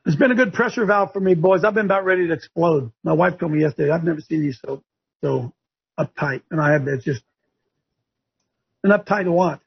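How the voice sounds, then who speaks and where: Fiery gravelly man ranting on a talk show. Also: quick pace, lo-fi sound. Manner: fiery and preachy, rising to shouts and high mocking voices. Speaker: show host. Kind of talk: impassioned talk show rant.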